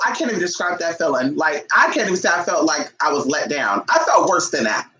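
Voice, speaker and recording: A woman vlogger telling a story to her viewers in a casual, animated and profane way, calling them "y'all". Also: low-pitched, brisk, hardly any pauses, poor audio.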